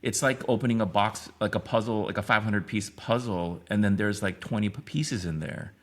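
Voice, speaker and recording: A man's voice: fairly low pitch, moderate pace, fairly bright tone. A man in his fifties, a podcast guest, talking reflectively in a rambling way with many restarts. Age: 50s. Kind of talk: casual interview talk.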